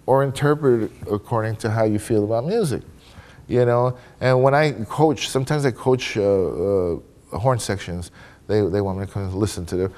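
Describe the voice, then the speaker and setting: A man's voice: on the low side, normal speed, darkish tone. Loose, candid man on a panel. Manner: loose and candid, peppered with "you know" and "man". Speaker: guest trumpet player on a panel. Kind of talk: casual panel discussion. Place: conference room before an audience.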